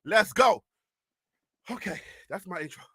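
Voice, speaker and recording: A middle-aged man with a Liberian accent hosts a live stream loudly, hyped and shouting names from the chat, often out of breath. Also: sits high, animated, measured pace, husky, dry recording, studio quality. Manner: loud, shouty, hyped, talks to chat by name. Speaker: live show host.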